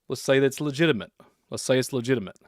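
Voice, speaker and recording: Kentucky man hosting a livestream, mid-pitched, wanders and jokes, close dry sound. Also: fast talker, dry recording. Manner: rambling, speculative and joking. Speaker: podcast host. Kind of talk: casual livestream chat.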